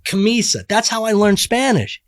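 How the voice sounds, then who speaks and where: A man's voice: high voice, big pitch swings, normal speed, no echo, studio quality. Blunt, rambling middle-aged man. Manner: rambling, blunt and profane, many restarts. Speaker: podcast guest. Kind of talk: casual podcast conversation.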